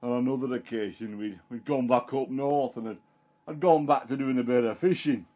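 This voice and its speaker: A man's voice: medium pitch, moderate pace, mellow, highs cut off, close to an everyday voice. Peter the fisherman, plain-spoken and chatty , played by a man, first-person monologue. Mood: solemn. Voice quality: homely dialect storytelling, plain and chatty. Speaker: Christian storyteller in character.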